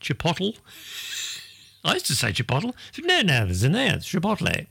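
A man co-hosting a radio show, chatting casually, laughing often and sounding words out slowly. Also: a little high, wildly swooping pitch, vocal fry, sharp tone, husky. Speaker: radio host.

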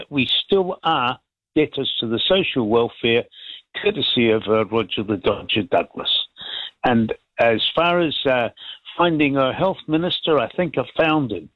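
A man's voice: medium pitch, no echo, muffled recording. An older man calling in to a radio talk show, chatting in a rambling, heartfelt way. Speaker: caller. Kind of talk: casual radio call-in chat.

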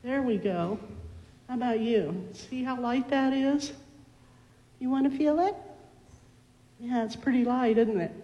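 Slow, gentle pastor in a reverberant church. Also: mid-range voice, dull audio. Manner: gentle, coaxing, full of tag questions. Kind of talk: scripture reading and children's sermon. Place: church sanctuary.

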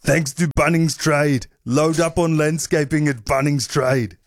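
A man reading a sponsor line slowly in an exaggerated mock Austrian accent, a well-known action star's voice as his model. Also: fairly high pitch, fairly even intonation, no room sound, studio quality. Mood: hammy.

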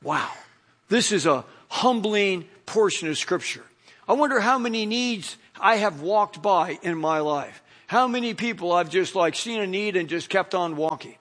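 High-voiced pastor preaching conversationally. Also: male voice, lively intonation, normal speed, fairly bright tone. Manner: conversational, frequent "you know" fillers. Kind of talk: sermon. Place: church in Los Angeles.

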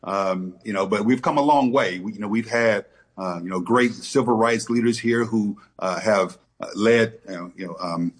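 A middle-aged man from Texas talks in a relaxed, folksy way, full of "you know" and "man." His voice is somewhat husky. He speaks as a guest on a radio interview. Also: lowish voice, moderate pace. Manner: relaxed, folksy, many fillers. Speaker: politician, guest.

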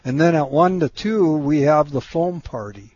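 A man's voice: fairly high pitch, normal speed, a little mellow, husky, lo-fi sound. A man as a guest on a casual radio chat, promoting a town festival in a plain-spoken way full of ums and uhs. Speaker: event organizer guest.

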